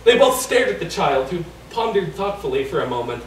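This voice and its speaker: A man with a fairly high voice reads a comic short story aloud, tripping over a word now and then. He sounds distant and roomy, with a faint noise bed. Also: brisk. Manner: lively reading with small stumbles. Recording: echoey room, distant mic, faint noise.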